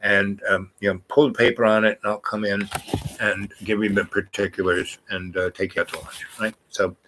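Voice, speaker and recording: A man's voice: lowish voice, flat delivery, normal speed, fairly bright tone, slight background noise, poor audio. Rambling man telling a long story. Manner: meandering, many fillers and restarts. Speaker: vlog host.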